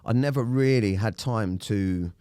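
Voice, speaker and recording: A man speaks haltingly about personal struggles, often stopping and restarting. His voice is low-pitched and recorded close and dry. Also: warm tone, smooth, no room sound. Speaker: podcast co-host. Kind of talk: candid personal storytelling.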